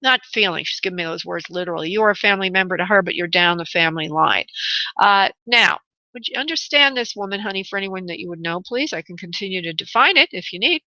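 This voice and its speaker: A woman's voice: fairly low pitch, expressive, fast talker, bright, forceful tone, no room sound, muffled recording. A woman hosting a call-in psychic reading, soothing and calling the caller honey and love. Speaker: psychic medium host.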